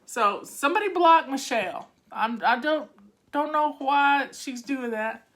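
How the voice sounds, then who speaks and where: A woman's voice: high-pitched, expressive, measured pace, fairly bright tone. An older woman, chatting casually to her viewers in a folksy, talkative way. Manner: chatty, folksy, talks back to viewer comments. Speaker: home-organizing vlogger. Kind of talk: casual live chat to viewers.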